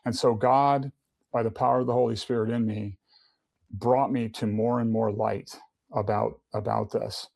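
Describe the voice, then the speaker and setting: A man's voice: mid-range voice, level tone, normal speed, vocal fry, darkish tone, no room sound. A middle-aged man giving a personal testimony in casual conversation, earnest, often restarting and repeating words. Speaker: podcast guest.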